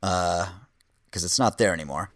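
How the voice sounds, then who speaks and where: A man's voice: deep voice, moderate pace, fairly bright tone, dry recording, studio quality. A man co-hosting a podcast in casual chat, playful and often laughing as he runs a list game. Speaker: podcast co-host.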